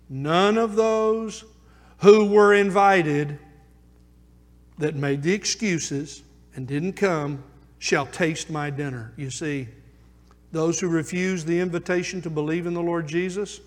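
A male pastor preaching a sermon, moving between loud urging and hushed intensity as he presses his points. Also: high voice, big-room sound.

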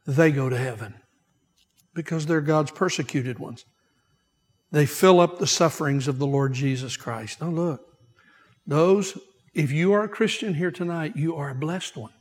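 High-pitched guy preaching, repeats stuff for emphasis, big hall echo. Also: measured pace. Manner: emphatic, repeats key phrases, varies pace for stress. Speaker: pastor. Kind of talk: sermon. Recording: long hall reverb.

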